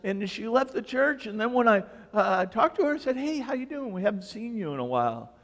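High, lively preaching man. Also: brisk. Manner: animated, joking storytelling. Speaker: pastor. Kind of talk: sermon. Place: church sanctuary. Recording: reverberant church hall.

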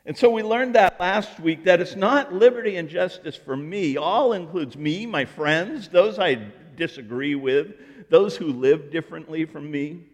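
Animated pastor preaching in a reverberant hall. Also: male voice, a little slow, few pauses. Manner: animated storytelling, acting out dialogue with swings of pitch and volume. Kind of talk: sermon. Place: church sanctuary.

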